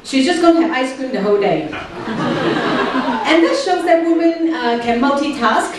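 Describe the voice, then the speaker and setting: High-voiced woman doing stand-up. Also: animated, a little slow. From Hong Kong. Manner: dry punchlines broken by frequent fillers and hesitations. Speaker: stand-up comedian. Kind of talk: stand-up comedy set. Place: comedy club stage. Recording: very echoey, distant stage mic with noise.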